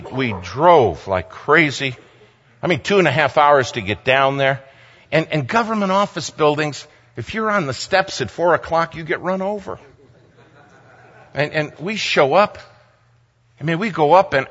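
A man telling a humorous personal story in an animated way, acting out the people in it. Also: a little high, moderate pace, slightly rough, highs cut off. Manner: animated, acts out quoted voices, repeats himself.

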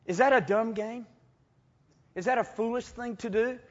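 A man preaching a sermon as a comic story, animated, swinging from loud bursts to hushed asides. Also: very high voice, normal speed, lo-fi sound.

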